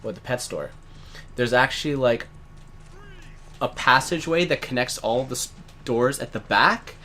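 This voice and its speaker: A man's voice: medium pitch, a little slow, bright, forceful tone. A man co-hosting a let's play, telling a rambling story in casual chat, swearing and laughing often.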